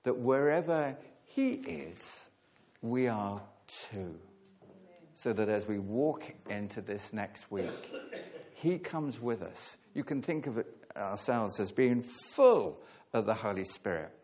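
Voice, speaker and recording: A man preaching a sermon, earnest and emphatic, leaning hard on key words with pauses between phrases. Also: on the low side, expressive, a little mellow.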